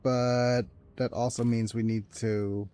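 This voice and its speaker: A man playing through a strategy game, talking softly and hesitantly as he reads menus and plans quests. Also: level tone, takes it slowly, smooth, no echo. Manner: soft low-key delivery, calling it his ASMR voice. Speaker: gaming video host. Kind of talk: let's play commentary.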